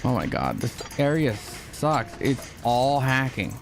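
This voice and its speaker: A man streaming a horror game live, exasperated and swearing, repeating words in rapid bursts. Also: mid-range voice, very animated. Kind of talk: live gameplay commentary.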